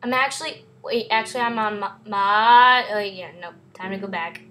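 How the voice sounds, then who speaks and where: A woman's voice: medium pitch, moderate pace, pushed and bright, poor audio. A woman hosting a casual gameplay video, giddy and goofy, giggling often. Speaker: game video host.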